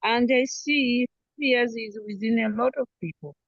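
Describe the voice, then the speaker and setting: A woman talking with her coach on a video call, halting and restarting her sentences. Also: on the high side, no echo, dull audio. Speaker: coaching client. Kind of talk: casual chat on a video call.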